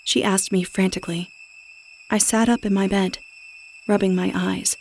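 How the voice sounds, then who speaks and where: A woman reading a first-person horror story as narrator, steady with a tense edge. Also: mid-range voice, measured pace, creaky, pauses often, a little hiss or hum.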